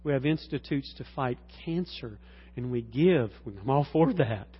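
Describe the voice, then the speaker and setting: A man preaching a sermon as a pastor, swinging from low, quiet passages to loud, high-pitched exclamations. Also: expressive, measured pace, slightly rough. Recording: dull lo-fi recording.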